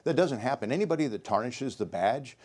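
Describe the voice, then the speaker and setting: A man's voice: medium pitch, expressive, fairly quick, a little mellow. An older man answering in a political debate, earnest and thinking aloud, sometimes repeating words as he searches. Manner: earnest, repeats words while finding them. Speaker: sheriff candidate.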